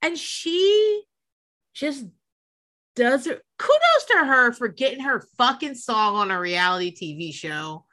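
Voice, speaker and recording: A woman co-hosting a podcast in casual chat, animated and gossipy, laughing often and swearing freely. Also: fairly high pitch, measured pace. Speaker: podcast co-host.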